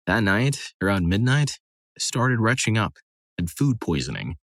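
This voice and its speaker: A man narrating a series of reader-submitted stories in a steady, scripted storytelling read. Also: on the low side, a little slow, dry recording.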